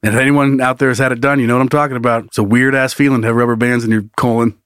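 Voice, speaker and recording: A man's voice: mid-range voice, level tone, rapid-fire, fairly bright tone, clean tone, no room sound, clean studio sound. A man co-hosting a crude comedy podcast, laughing often and slipping into silly voices. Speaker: podcast co-host. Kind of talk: casual comedy chat.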